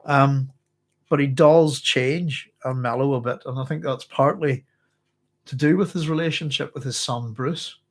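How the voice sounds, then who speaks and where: A middle-aged man with a Northern Irish accent talks through a book in a loose, casual way. He wanders, restarts his sentences and chuckles to himself as he goes, speaking at an ordinary pitch. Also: measured pace. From Northern Ireland. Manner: rambling, self-interrupting, chuckles often. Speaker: book club host.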